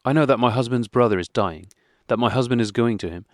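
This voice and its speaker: A man's voice: mid-range voice, fast, no room sound, studio quality, lightly acted. A man reading an audiobook, voicing a young wife who pleads and protests indignantly. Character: young wife, upset and insistent.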